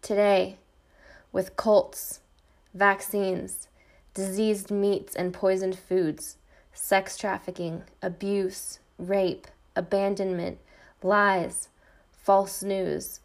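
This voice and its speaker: A woman's voice: mid-range voice, little pitch movement, very slow. A middle-aged woman hosting a podcast, delivering an intense, defiant personal monologue with repeated refrains. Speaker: podcast host. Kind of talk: personal monologue, read from a script.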